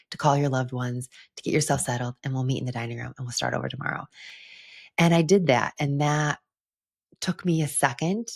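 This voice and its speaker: A young woman talks alone into her podcast mic in a low, husky voice. She is earnest and heartfelt, and she fills her sentences with casual "like"s as she reflects. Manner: earnest, heartfelt, with frequent "like" fillers. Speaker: podcast host and retreat leader. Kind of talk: reflective solo podcast monologue.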